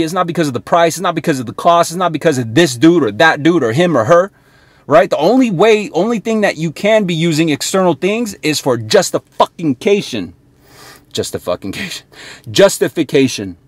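A man delivers a fiery motivational rant in a voice pitched a bit above most men's. He curses constantly and keeps checking in with his listener. The sound is close and dry, with no room echo. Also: animated, brisk. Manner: blunt, heavily profane, keeps checking in with "right?". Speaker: motivational sales coach. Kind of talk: profane motivational rant to camera.

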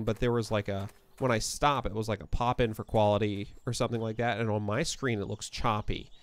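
Streaming a game live from his apartment, a man with a mid-range voice chats casually, reasoning out loud and often correcting himself. A little hiss or hum is audible.

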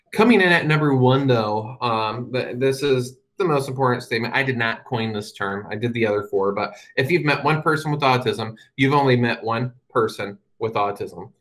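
A man's voice: mid-range voice, a bit bright, poor audio. A man giving a talk as a guest speaker, telling stories with a wry, humorous touch and plainly explaining his points. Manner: wry, humorous storytelling with dry asides. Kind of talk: storytelling presentation to an audience.

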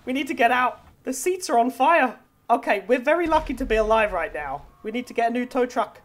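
During a game role-play, a young man takes the part of a tow truck driver. His very high-pitched, brisk voice delivers excitable, teasing commentary, and he laughs often.

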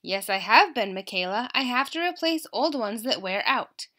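A kindly neighbor lady chats about her knitting in a loud, friendly voice, as a woman reads her. She speaks at a fairly high pitch. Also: expressive, moderate pace. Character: kindly adult woman neighbor who knits.

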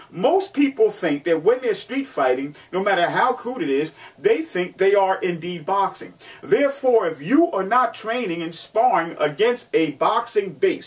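Male martial arts instructor, pushy and repetitive, voice on the high side and a bit distant from the mic. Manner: emphatic, repetitive, rhetorical questions. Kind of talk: instructional video talk.

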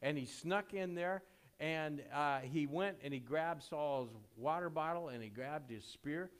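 A man preaching in a loose, conversational way, stopping to correct himself and fill pauses. His voice sits a little higher than most men's. When he reads scripture aloud, he rises in pitch and volume. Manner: conversational preaching with many fillers and self-corrections. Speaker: pastor. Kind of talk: sermon.

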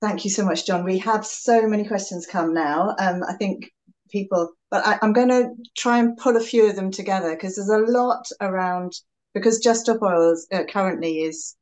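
A woman's voice: mid-range voice, moderate pace, darkish tone, poor audio. A woman moderating an online evening, politely gathering and reading out audience questions. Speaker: event moderator.

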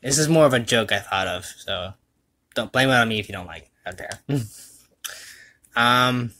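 A young man rambling through a casual livestream chat, self-mocking and quick to laugh, recorded at home on a computer mic. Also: medium pitch, bright, forceful tone. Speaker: vlogger and voice dubber.

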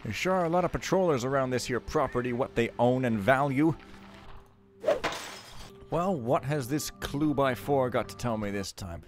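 A man's voice: medium pitch, lively intonation, moderate pace, faint music behind. A man giving casual, joking, rambling commentary while playing a stealth game, mocking himself as he goes. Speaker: let's play commentator.

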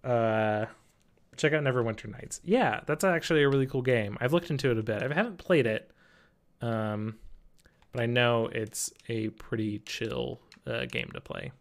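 A man's voice: medium pitch, moderate pace. A male streamer chatting casually while gaming, apologetic and flustered, laughing often and answering chat.

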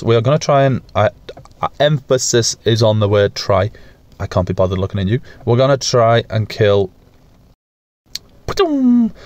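A man's voice: on the low side, darkish tone. A young man giving casual, self-mocking commentary while playing a survival game, swearing now and then and tossing in playful sound effects. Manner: makes playful sound effects and coos at pets. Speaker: gaming YouTuber.

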